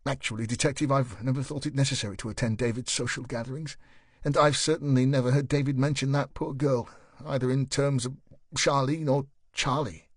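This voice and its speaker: A man voicing an anxious, polite upper-class woman who keeps up a strained smile, in a higher, prim voice. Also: fairly even intonation, a little fast, no room sound, clean studio sound, lightly acted.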